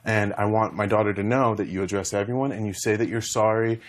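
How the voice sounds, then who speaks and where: A man's voice: on the low side, fairly even intonation, fast. A young man and reality show contestant, rambling emotionally as he retells conversations in a heated talk.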